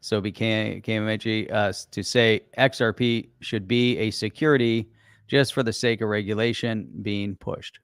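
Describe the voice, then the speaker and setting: A man's voice: on the low side, steady tone, unhurried, clear, resonant tone, no echo, clean studio sound. A man co-hosting a live crypto talk show in a laid-back, casual chat. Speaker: co-host.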